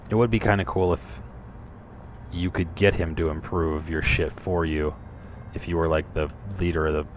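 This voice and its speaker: A man talks over his gameplay in a relaxed, rambling way, tossing in curses and jokey asides. His voice sits very low. A faint hiss runs under the recording. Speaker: gameplay commentator. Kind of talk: casual gameplay commentary.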